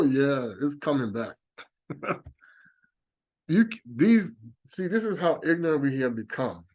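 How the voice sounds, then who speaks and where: A man giving an impassioned religious monologue, emphatic and preachy, repeating his warnings again and again. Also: mid-range voice. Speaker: religious speaker.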